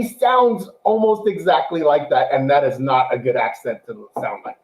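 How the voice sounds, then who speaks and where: A man co-hosting a casual show, chatting animatedly about a TV series and acting out quotes in a high, excited voice. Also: moderate pace, few pauses, echoey room, low-quality recording. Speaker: podcast co-host. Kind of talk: casual chat, show review.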